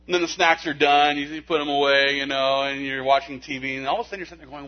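A man preaching a sermon in a conversational way, with folksy asides, stammered restarts, and a hushed soft delivery when he makes a point. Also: a little high, steady tone, fast. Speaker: pastor. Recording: dull lo-fi recording.

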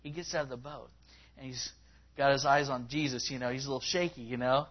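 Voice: mid-range voice, fairly even intonation, fairly quick. A preacher giving a conversational sermon, telling the story with many asides, in a dull lo-fi recording.

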